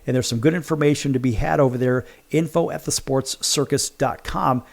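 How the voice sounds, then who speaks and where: A man's voice: mid-range voice, brisk, creaky. A middle-aged man from Chicago hosting a sports betting show, telling a long story in a rambling, chatty way. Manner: rambling, chatty anecdotes with restarts. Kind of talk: casual storytelling on a radio show.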